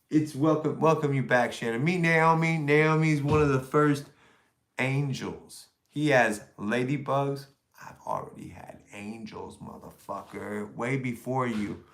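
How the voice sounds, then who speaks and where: A man's voice: mid-range voice, a little slow. A middle-aged man, ranting and taunting crudely as a livestream host. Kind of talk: profane livestream rant.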